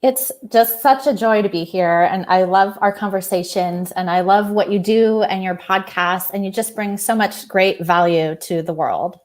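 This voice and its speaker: A woman's voice: medium pitch, moderate pace, few pauses. Affirming woman therapist guest. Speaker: psychotherapist guest. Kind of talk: interview guest.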